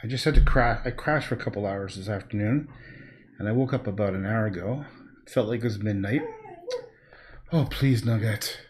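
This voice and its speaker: A man livestreaming his painting session, chatting in a rambling, casual way and now and then breaking off to coax his dog in a high voice. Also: lively intonation, brisk, darkish tone, slight background noise. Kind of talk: casual chat while painting.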